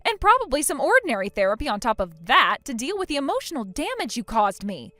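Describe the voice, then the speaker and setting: An icy, furious injured bride. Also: female voice, high voice, very animated, fast talker, bright, forceful tone, no echo, full character voice. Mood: scornful. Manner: icy, scornful, firm. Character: furious injured young bride, cold and cutting. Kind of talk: text-message story voice acting.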